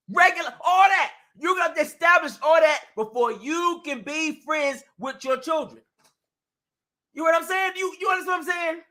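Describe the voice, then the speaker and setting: A man's voice: extremely high pitch, bright, forceful tone. A man hosting a talk stream, ranting in an emphatic, repetitive way. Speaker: host. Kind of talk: ranting commentary.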